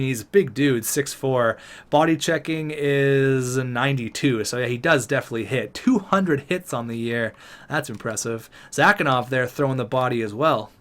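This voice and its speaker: A man giving casual, excitable commentary over a hockey video game, chatty and upbeat as he talks through the results. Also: medium pitch. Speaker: gaming YouTuber.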